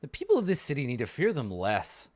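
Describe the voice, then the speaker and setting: A man's voice: mid-range voice, huge pitch swings, fast talker, darkish tone, no echo. A man voicing a proud, stern noble warrior uncle who scorns cowardice in a tabletop role-play. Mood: dismissive.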